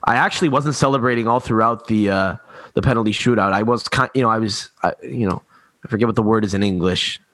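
Fast-talking man, halting and searching for words. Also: on the low side, fairly bright tone. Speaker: podcast guest. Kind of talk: casual podcast chat.

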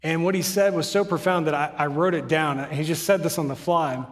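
A man's voice: on the high side, a little fast, in a large hall. A man giving a sermon as pastor, earnest and conversational, with humorous asides, in a church sanctuary.

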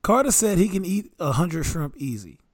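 A man in casual podcast chat who talks in halting bursts with fillers. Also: high voice, big pitch swings, husky. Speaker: podcast co-host.

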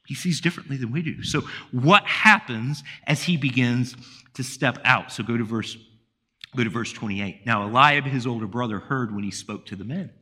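A man's voice: medium pitch, normal speed, pushed and bright, breathy edge. A male pastor preaching a sermon with emphatic delivery, sometimes acting out the people in his story. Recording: long hall reverb.

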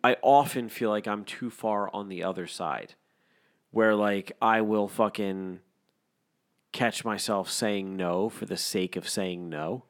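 A man's voice: lowish voice, steady tone, slow. Blunt, swearing man ranting. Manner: blunt, heavy swearing, indignant rants. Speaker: podcast co-host. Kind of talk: casual chat. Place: home room with guitars.

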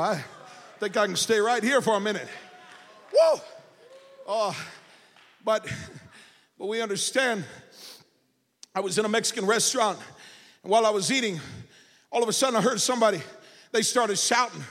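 A male pastor preaching a sermon in a church sanctuary. He moves between a chanted "uh" cadence and shouting, then drops to low, chatty stories. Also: moderate pace, pauses often, long reverb tail.

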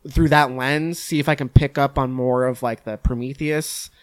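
A man's voice: medium pitch, fairly even intonation, moderate pace, clean tone. A man in casual podcast chat about films, rambling with lots of fillers and the odd swear. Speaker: podcast host discussing films.

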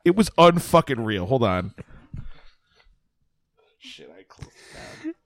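A man's voice: mid-range voice, big pitch swings, slow, fairly bright tone. A man co-hosting a casual movie-review podcast, sarcastic and profane, laughing often. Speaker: podcast co-host.

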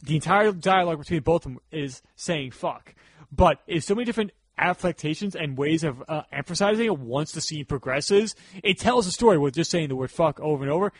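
Man, podcast co-host, rambling casual talk, slightly high voice, dry close mic. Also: expressive, quick pace, hardly any pauses, husky, no room sound. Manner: rambling, lots of "like" fillers and restarts. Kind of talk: casual movie review chat.

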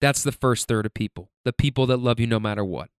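A man in his thirties speaks in a candid personal monologue, swearing freely and stumbling into repeated words when emphatic. His voice is smooth and resonant, at a middling pitch. It is recorded close up in a dry space. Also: dry recording. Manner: emphatic, profane, halting repetitions.

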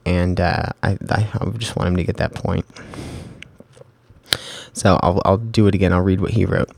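A man giving a casual spoken writing lesson, rambling and correcting himself with lots of fillers, and reading passages aloud slowly. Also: deep voice, steady tone, vocal fry, no room sound. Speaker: amateur fiction writer.

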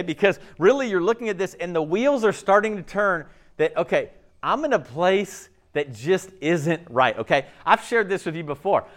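A male pastor preaching in a casual, animated way. His voice sits a bit high and swings widely as he acts out the story. He keeps tossing in quick check-ins with the listeners. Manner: acts out voices and laughs often. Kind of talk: sermon.

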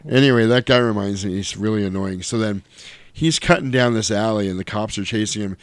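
Man, casual chat, lower voice, dry close sound, lively storytelling, puts on silly character voices. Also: brisk, dry recording. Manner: animated storyteller, mimics characters in high silly voices, swears. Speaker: podcast host recapping a film.

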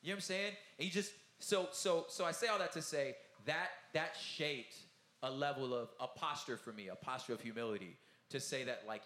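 A man's voice: mid-range voice, a little fast. A man speaking at a conference talkback in a loose, rambling style. He keeps adding "you know what I'm saying" and acts out the people he quotes. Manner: animated storyteller who acts out the people he quotes. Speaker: touring Christian music artist at a conference talkback. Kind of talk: casual conversational talkback. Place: event hall. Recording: roomy event hall sound.

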